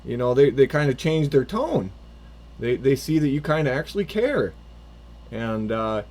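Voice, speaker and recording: A man's voice: mid-range voice, big pitch swings, moderate pace, a little mellow. A man running a tabletop game as a first-time dungeon master, improvising and narrating with lots of swearing and restarts. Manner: rambling, swearing, frequent restarts.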